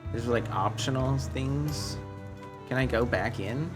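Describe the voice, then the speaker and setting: Unhurried male streamer, rambling and chatty, over background guitar music. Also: mid-range voice. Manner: rambling, thinking aloud, self-repeating. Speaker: livestreamer. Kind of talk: casual game streaming, reading chat aloud. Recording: guitar music playing under voice.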